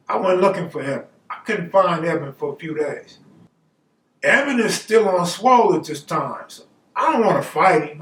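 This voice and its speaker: A man's voice: high voice, a bit bright, roomy sound, far from the mic. A man telling a personal neighborhood story in a laid-back, slangy way, acting out the quoted dialogue. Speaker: storyteller host. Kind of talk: casual storytelling.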